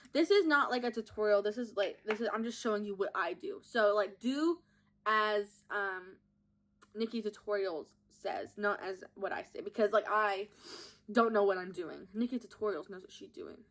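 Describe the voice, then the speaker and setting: Her medium-pitched, slightly bright voice keeps a moderate pace. This young adult podcast host chats casually and giggles during a makeup vlog, telling stories at her own expense into a phone camera propped up at home.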